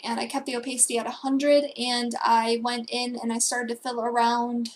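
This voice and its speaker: A woman's voice: fairly high pitch, level tone, moderate pace, slight background noise. A young woman narrating a digital painting tutorial at home, rambling and correcting herself as she goes. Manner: rambling, self-correcting, with fillers and asides. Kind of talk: casual tutorial voice-over.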